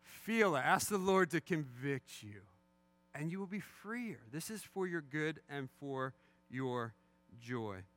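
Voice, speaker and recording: A man's voice: fairly high pitch, animated, slow, fairly bright tone. A middle-aged man preaching as a pastor, conversational and candid, with wry asides about his own failings. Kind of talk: sermon.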